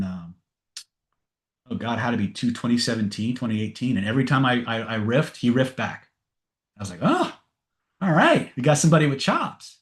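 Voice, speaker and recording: A man teaching an online webinar on persuasion techniques in a conversational way, with frequent fillers, restarts and frank asides. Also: on the low side. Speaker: NLP and hypnosis trainer.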